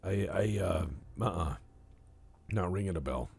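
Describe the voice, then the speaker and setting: A man's voice: low voice, expressive, measured pace, gravelly, darkish tone, breathy edge. A man streaming a naval strategy game, giving playful, rambling commentary with jokey asides to his chat. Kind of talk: casual live-stream commentary.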